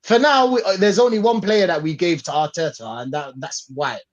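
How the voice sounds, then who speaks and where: A man's voice: high-pitched, brisk, lo-fi sound. A man hosting a live fan show over a video call, reading out viewer comments and reacting to them. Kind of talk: casual live-stream chat.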